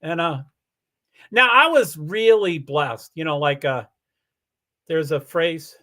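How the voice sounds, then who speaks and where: A man's voice: a little high, takes it slowly, pushed and bright. A man hosting a casual livestream, answering viewer comments in a rambling way with many restarts. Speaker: livestream host.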